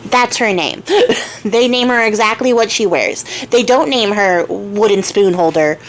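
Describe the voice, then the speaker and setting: A woman's voice: medium pitch, animated, unhurried. A young woman casually retelling a fairy tale to her viewers, playful and chatty, laughing often. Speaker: storyteller and crafter. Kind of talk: casual storytelling.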